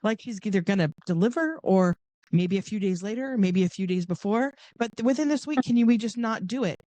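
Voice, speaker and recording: A woman's voice: fairly quick, no echo. A middle-aged woman from Southern California, a podcast guest casually telling a long personal story and acting out the voices of the people in it. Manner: animated, acts out quoted voices with big pitch jumps.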